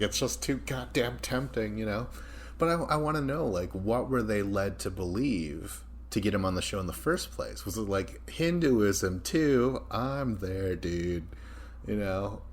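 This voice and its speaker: A man's voice: on the low side, normal speed, slight background noise. A man hosting a podcast in loose casual chat, rambling and swearing with a joking tone. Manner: rambling, profane, jokey. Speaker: podcast host.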